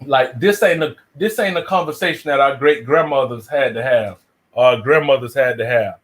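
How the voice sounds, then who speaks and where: A man's voice: mid-range voice, moderate pace. A man from the southern United States on a casual panel chat, reflective and slangy, making his points at length.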